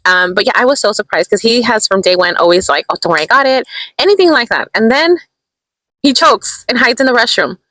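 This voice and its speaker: Young woman vlogging a storytime, talks super fast, bright edgy voice, very animated. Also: on the high side, no echo, poor audio. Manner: animated, excitable storytelling with quick asides. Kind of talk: casual storytime vlog. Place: in a parked car.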